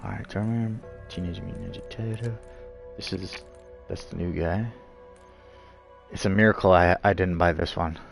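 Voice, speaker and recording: Male game streamer, low voice, rambling profane banter. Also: steady tone, normal speed, vocal fry, soft background music. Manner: rambling, profane, self-mocking. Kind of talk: casual livestream chat.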